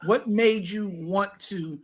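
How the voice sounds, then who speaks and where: A man's voice: high voice, slow, slightly rough. A man who is a pastor hosting a casual online interview show, hyping up his guests with slang-filled introductions. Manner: hype, enthusiastic introductions with slang.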